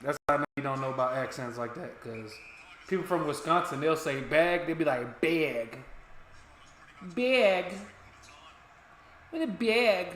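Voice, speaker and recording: A man's voice: medium pitch, fairly even intonation, brisk, a bit bright. A man, co-hosting a sports watch-along, teasing his friend in casual, profane banter. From United States. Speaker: co-host of a footy watch-along. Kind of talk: casual streaming chat. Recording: echoey room with faint noise.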